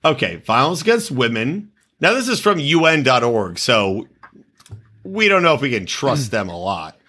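Podcast guy riffing sarcastically, bright voice, bouncy pitch. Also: big pitch swings, moderate pace, slightly rough. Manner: sarcastic, crude, jokey asides. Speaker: podcast co-host. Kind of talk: casual comedic podcast chat.

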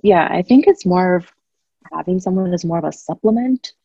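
A woman sharing her view in a casual group discussion, thoughtful and filling pauses with "you know" and "like". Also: fairly low pitch, animated, dark tone, slightly rough, no echo, muffled recording. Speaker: discussion participant.

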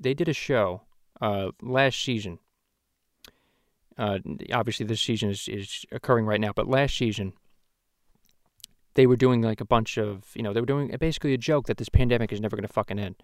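A man's voice: mid-range voice, dry recording, clean studio sound, natural voice. A man voicing a foul-mouthed cartoon baby, ranting profanely and rambling in a comedic podcast. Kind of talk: comedic podcast rant in character.

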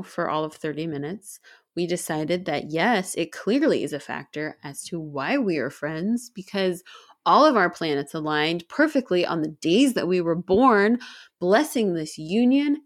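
A woman's voice: on the low side, animated, normal speed. A woman co-hosting a podcast, chatting casually with a friend in a dry, playful way with mock-grand flourishes. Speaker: podcast co-host. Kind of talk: casual chat between friends.

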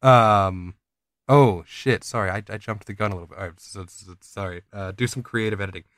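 A man's voice: on the low side, fairly quick, a bit bright, no room sound, studio quality. A man co-hosting a podcast, reading a listener's story aloud and breaking off with chatty asides. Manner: reads in quotes, breaks off with asides and laughs. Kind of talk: casual chat, reading aloud.

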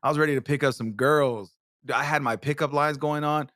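Male show host, comic storyteller, slightly high voice, loose and profane, dry close recording. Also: fairly even intonation, fairly quick, a bit bright, dry recording. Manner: rambling, profane, many restarts. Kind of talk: comedic storytelling.

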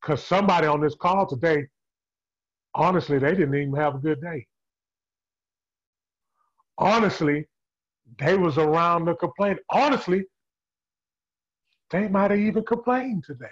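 A man's voice: fairly high pitch, a little slow, long pauses, highs cut off. A man hosting a group call, talking in a hyped call-and-response preaching cadence. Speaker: call host. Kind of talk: hyped motivational call talk. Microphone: phone or video call.

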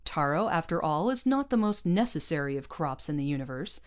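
A woman's voice: deep voice, very animated, a little fast. A woman voicing a stern, arrogant male space captain who speaks in a cold, condescending way in a storybook reading. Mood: lecturing.

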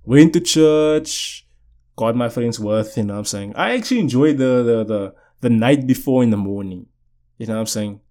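A man's voice: mid-range voice, expressive, moderate pace, dark tone. A young man, telling a story casually to viewers in a rambling way with many restarts. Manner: rambling, restarts sentences, keeps asking "you know what I'm saying". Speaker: vlogger.

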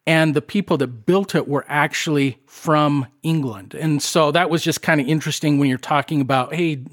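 A man's voice: a little high, normal speed. A man co-hosting a paranormal podcast, chatting eagerly and casually with a guest. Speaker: podcast co-host, paranormal investigator. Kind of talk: casual interview chat.

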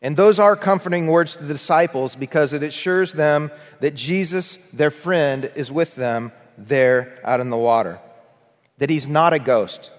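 Earnest male pastor in a reverberant hall. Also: fairly high pitch. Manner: earnest preaching, varied emphasis, leads congregation in repetition. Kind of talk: sermon.

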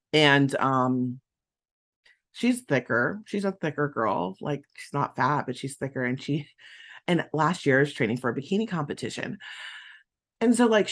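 A pregnant woman hosting a podcast, talking candidly in a casual monologue full of "um" and "like". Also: sits low. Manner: candid storytelling, frequent "um" and "like". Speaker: podcast host.

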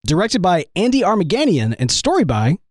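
Brief: man with a weak, sickly voice, pitched a bit high, very animated, hosting a casual fan chat. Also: a little fast, no echo, studio quality. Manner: enthusiastic, rambling. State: weak, strained voice from illness. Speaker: podcast host.

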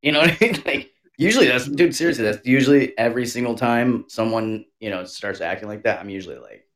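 A man's voice: medium pitch, animated, quick pace, fairly bright tone. A man co-hosting a podcast, joking and swearing casually and acting out the people he quotes. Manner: joking, swears freely, acts out quoted voices. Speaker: podcast co-host. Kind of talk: casual banter.

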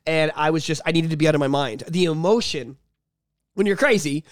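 A man co-hosting a casual podcast, talking in a profane, animated way and laughing often. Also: on the high side, fairly quick, dry recording. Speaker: podcast co-host.

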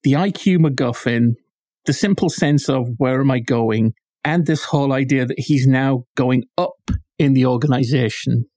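A man's voice: mid-range voice, normal speed, dark tone, no room sound. A man co-hosting a podcast in casual chat, explaining things in detail and picky about what words mean. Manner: explanatory, pedantic about word meanings. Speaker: podcast co-host.

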